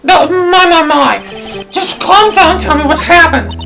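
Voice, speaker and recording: A woman's voice: very high voice, a little slow, gravelly, voice pushed up, exaggerated voice. A woman doing a fussy, genial old lawyer. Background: game music.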